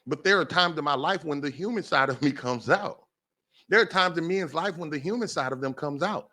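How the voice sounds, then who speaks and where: A man's voice: on the high side, brisk, pushed and bright. A man hosting a talk show, delivering an impassioned monologue and repeating phrases for emphasis. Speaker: podcast host.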